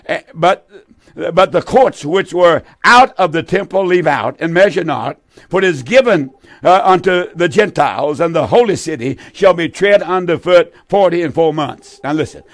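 A man's voice: a little high, lively intonation, unhurried, dry recording, clean studio sound. An eighty-year-old man preaching on television in a fervent, folksy way, repeating key lines and drawing words out for emphasis. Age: 80s. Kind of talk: sermon with call-in appeal.

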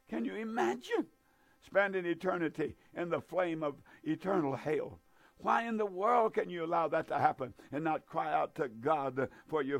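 Gravelly preacher, emphatic. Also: male voice, a little high, dry recording. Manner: emphatic, repetitive preaching with drawn-out stresses. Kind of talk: fervent sermon.

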